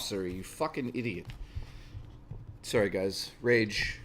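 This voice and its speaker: A man with a lowish, slightly bright voice and lively intonation hosts a casual livestream, talking unhurriedly with long pauses. He jokes, swears often and rambles while building a model, speaking into a desk microphone.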